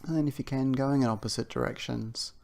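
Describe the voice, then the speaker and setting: A man leading an outdoor exercise warm-up, talking through the moves with chatty asides. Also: medium pitch, steady tone, brisk, vocal fry. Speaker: exercise instructor. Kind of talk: guided warm-up instruction. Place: outdoors on a windy day.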